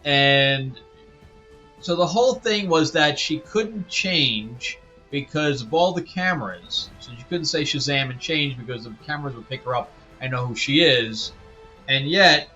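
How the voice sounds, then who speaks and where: A man's voice: medium pitch, unhurried, sharp tone, lo-fi sound, soft background music. A man hosting a casual comic book review, rambling with lots of fillers and chuckling asides.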